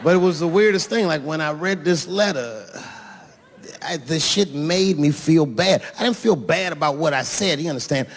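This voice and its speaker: Long hall reverb fills this live stand-up set, where a man with a high-leaning voice speaks at a moderate pace over a little hiss or hum. In a conversational way, he spins a lengthy profane story toward punchlines before a theater audience.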